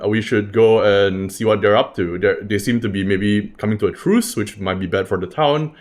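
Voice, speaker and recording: A man's voice: on the low side, a little fast, hardly any pauses. A man recapping a tabletop game session in a loose, rambling way, swearing freely. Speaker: game master recapping a campaign. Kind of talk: casual spoken recap.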